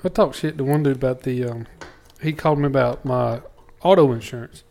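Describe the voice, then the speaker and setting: A man's voice: medium pitch, fairly quick, creaky, a little mellow. A young man co-hosting a podcast, joking bluntly in casual banter. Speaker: podcast co-host. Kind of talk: casual chat.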